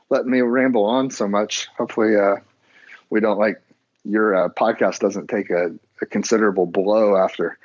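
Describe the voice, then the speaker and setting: A man with a fairly low voice chats casually as a podcast guest, rambling along and restarting his sentences. The sound is dull and lo-fi, with the top end missing. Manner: rambling, loose, full of "like" and restarts. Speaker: podcast guest, business owner. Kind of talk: casual conversation. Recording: dull lo-fi audio.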